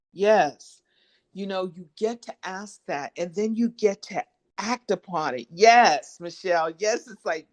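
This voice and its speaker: Woman, motivational guest facilitator on a video call, lower voice, affirming and repetitive. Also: a little mellow. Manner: encouraging, affirming, repeats key phrases. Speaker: guest speaker leading a support session. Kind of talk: motivational workshop talk.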